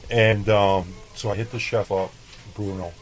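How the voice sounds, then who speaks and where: Deep-voiced chef telling kitchen stories. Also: male voice, steady tone, unhurried, poor audio. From El Paso, Texas. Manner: profane, laid-back, acts out dialogue. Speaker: chef, podcast guest. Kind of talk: casual interview storytelling.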